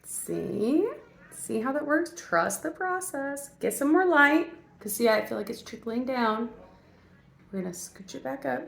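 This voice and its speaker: She has a high, fairly bright, creaky voice, animated but at a measured pace. This adult actress and mom playfully chats with viewers as she demonstrates her makeup routine, goofy and talkative, in a casual tutorial aimed directly at them.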